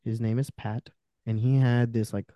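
A young man speaking as a podcast guest, his voice very dark and mellow. He tells raw personal stories, swearing freely and flaring loud before dropping almost to a murmur. The sound is close and dry with no room around it. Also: medium pitch, little pitch movement, normal speed, dry recording. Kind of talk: candid personal storytelling in conversation.

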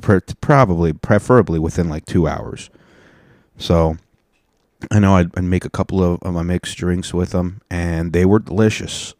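Deep-voiced man, dry close sound. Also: moderate pace, a little mellow, dry recording. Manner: profane, rambling, jokey. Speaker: comedian. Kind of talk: casual rambling monologue to camera.

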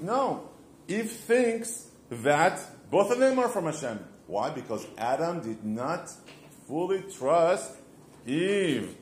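A man's voice: fairly high pitch, roomy sound. A man hosting a podcast, telling stories and teaching about marriage in an informal way, asking questions and answering them himself. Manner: storytelling, asks and answers his own questions. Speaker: podcast host giving marriage advice. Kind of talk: informal religious teaching monologue.

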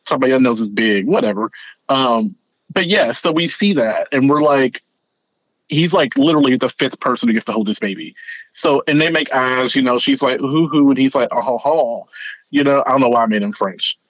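A man's voice: medium pitch, fairly quick, dry recording. Rambling man on a lo-fi podcast. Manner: rambling, animated, repeats words while thinking. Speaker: podcast co-host. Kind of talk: casual chat. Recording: dull, lo-fi sound.

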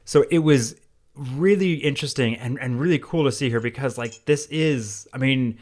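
A man's voice: mid-range voice, moderate pace, a little mellow. A man co-hosting a casual podcast, telling things in a loose, rambling way and laughing often. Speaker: podcast co-host. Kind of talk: casual chat.

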